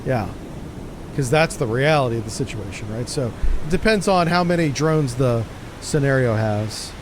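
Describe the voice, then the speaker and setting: A man streaming a game, chatting casually and joking as he thinks out loud. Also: mid-range voice, animated, normal speed, a little hiss or hum. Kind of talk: casual gameplay commentary.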